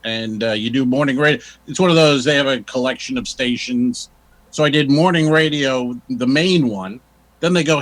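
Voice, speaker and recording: A man's voice: medium pitch, normal speed, fairly bright tone, low-quality recording. A man co-hosting a casual comedy podcast, laid-back and chatty, chiming in with short agreements between longer stories. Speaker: podcast co-host.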